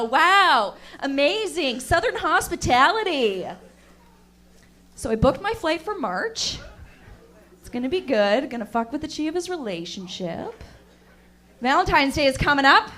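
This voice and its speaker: A young woman works through a stand-up set with dry, deadpan asides to the crowd. Her voice sits high, and her delivery stays flat and unhurried. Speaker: stand-up comedian.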